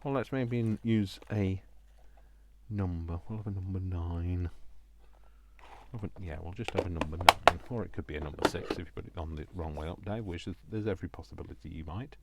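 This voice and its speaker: Talking fairly quickly in a low-pitched voice over a very noisy recording, a British man works on a craft project. As a crafting vlogger, he chats to himself casually and makes fun of himself.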